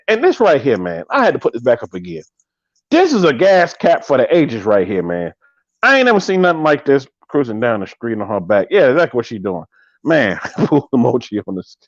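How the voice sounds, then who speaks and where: A man in his thirties hosting a live podcast, riffing with animated, joking commentary and drawn-out exclamations. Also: medium pitch, dry recording, highs cut off. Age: 30s. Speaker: podcast host.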